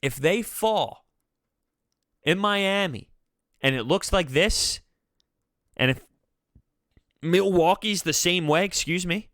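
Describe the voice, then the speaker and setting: A man giving an exasperated, animated fan's reaction to his team's loss as a sports vlogger. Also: sits high, slow, pauses often, no echo, studio quality. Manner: animated, exasperated, laughing through frustration. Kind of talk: fan reaction commentary.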